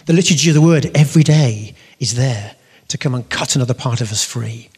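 A man giving a storytelling sermon, animated and acting out the voices he quotes. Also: mid-range voice, fairly quick, husky. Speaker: speaker giving a faith talk. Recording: long hall reverb.

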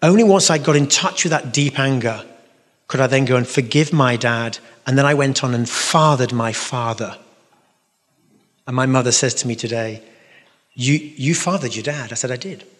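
A man's voice: mid-range voice, moderate pace. An English man preaching a sermon, his voice hanging in the long reverb of a big church hall. He presses his points by repeating phrases and tosses in playful little noises. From England.

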